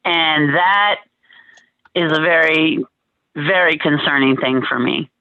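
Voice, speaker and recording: A woman's voice: sits low, slow, no room sound. A woman testifying as a witness at a court hearing over a video call, giving careful, brief answers. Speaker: witness, visit supervisor. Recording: dull dry video-call audio.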